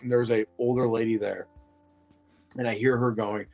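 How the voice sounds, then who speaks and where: A man's voice: fairly low pitch, little pitch movement, normal speed, vocal fry, long pauses, a little mellow, soft background music. A man co-hosting a film podcast in casual chat, joking and swearing freely, and often laughing. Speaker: podcast co-host.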